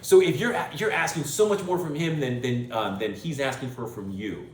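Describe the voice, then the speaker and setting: A man's voice: medium pitch, moderate pace, echoey room. A man hosting a show, giving an opinionated monologue in an emphatic, lecturing way and repeating phrases for stress. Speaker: podcast host.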